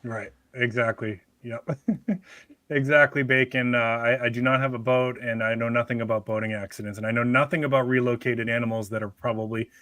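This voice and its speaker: A man's voice: medium pitch, fairly even intonation, a little fast, fairly bright tone, no room sound. A man hosting a podcast, telling a rambling, joking story in casual chat with many restarts. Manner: rambling, self-interrupting, joking. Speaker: podcast host.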